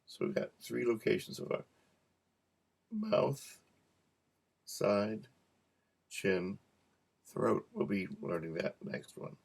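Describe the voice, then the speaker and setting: Slow, gravelly male instructor. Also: fairly low pitch, huge pitch swings. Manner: repeats practice words slowly, jokes softly. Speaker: cueing instructor. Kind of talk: relaxed teaching to camera.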